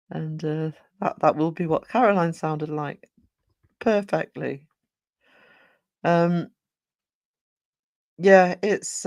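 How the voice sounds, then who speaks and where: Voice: medium pitch, no room sound. A live-stream host chatting casually and rambling, thanking viewers and reading chat aloud with many fillers and restarts. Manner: frequent fillers and self-corrections.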